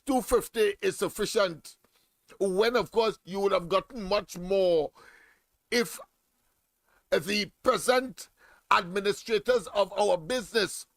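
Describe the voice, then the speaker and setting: A man hosting political talk radio, his voice high for a man and gravelly with fry. He speaks emphatically, circling back with fillers and repeated words. The sound is dry and close. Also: takes it slowly, pauses often, dry recording. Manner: emphatic, repetitive, heavy fillers. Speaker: radio talk show host.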